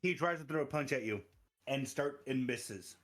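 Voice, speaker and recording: A man's voice: mid-range voice, lively intonation, normal speed, fairly bright tone, soft background music. A man running an online tabletop game as game master, narrating casually with frequent laughs and swearing.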